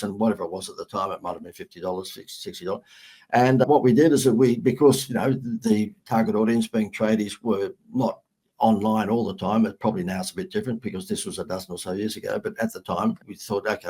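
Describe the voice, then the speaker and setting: A middle-aged man with an Australian accent, a guest on an interview show, telling lively anecdotes with sarcastic humor. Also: on the low side, fast, husky. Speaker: guest, marketing consultant. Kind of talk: storytelling interview chat.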